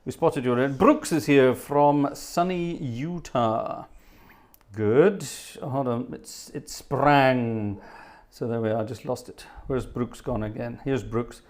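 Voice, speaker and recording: A man's voice: medium pitch, takes it slowly, darkish tone. Chatty man greeting his viewers. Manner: cheerful, chatty, reads out names from the chat. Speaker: livestream host and organist. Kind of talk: casual live-stream chat, greeting viewers. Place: home organ studio.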